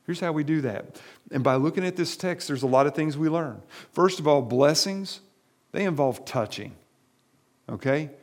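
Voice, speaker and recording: A man's voice: fairly high pitch, lively intonation, normal speed, a little mellow. A man preaching a sermon to his congregation, emphatic and direct, repeating his key phrases. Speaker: pastor.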